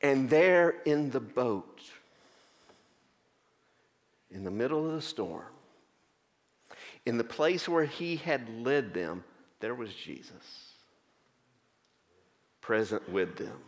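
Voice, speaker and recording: A man's voice: medium pitch, sing-song. Man preaching in an echoing church. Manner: earnest, explaining scripture with many pauses. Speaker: pastor. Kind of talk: sermon. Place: church sanctuary. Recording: long church reverb.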